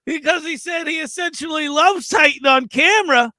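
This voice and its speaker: A man co-hosting a gaming show, delivering a joking award outro in a loud roasting tone. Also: very high-pitched, normal speed, no room sound, clean studio sound. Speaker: co-host. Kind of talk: comic award segment outro.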